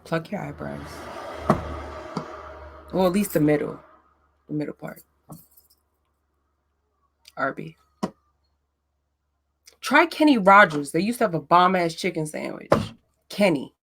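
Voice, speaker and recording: Blunt gravelly woman chatting. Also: on the low side, animated, slow, long pauses, a bit bright, slight background noise. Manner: blunt, profane, roasting a chat troll. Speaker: livestream host. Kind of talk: casual livestream chat.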